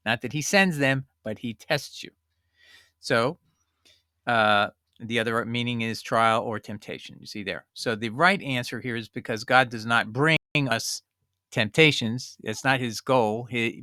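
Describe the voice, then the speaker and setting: A man's voice: medium pitch, pushed and bright, no echo, studio quality. A man giving an informal, earnest Bible study, reading scripture aloud and explaining it in a conversational way. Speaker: Bible teacher.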